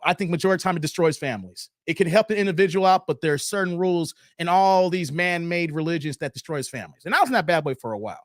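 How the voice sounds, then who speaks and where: A man's voice: fairly high pitch, animated, rapid-fire, hardly any pauses, no echo, studio quality. A man in his forties hosting a live stream, reacting to clips and talking straight to his chat viewers. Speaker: livestream host.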